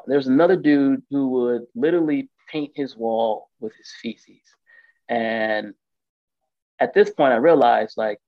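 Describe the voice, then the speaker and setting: A man casually telling an emotional personal story, candid and animated, acting out the lines of the people in it. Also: medium pitch, gravelly, no room sound, highs cut off. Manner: emotional, candid, animated retelling with quoted dialogue. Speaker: guest telling his story.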